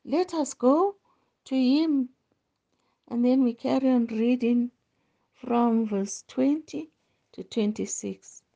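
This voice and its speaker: A woman hosting a devotional, slowly reading Bible passages aloud with small stumbles. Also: a little high, creaky, dark tone, muffled recording. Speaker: devotional host. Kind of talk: slow scripture reading.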